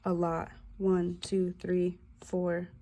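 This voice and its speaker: A woman's voice: lowish voice, completely flat delivery, slow pace, dark tone, a little hiss or hum. A woman giving a casual tarot reading, loose and profane, with slangy asides and the odd drop into a whisper. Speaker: tarot reader.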